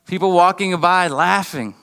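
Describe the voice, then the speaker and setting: A man preaching a sermon, earnest and halting, often restarting his words and briefly acting out mocking voices. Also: high voice, gravelly, fairly bright tone, clean tone, big-room sound. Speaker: pastor. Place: church building.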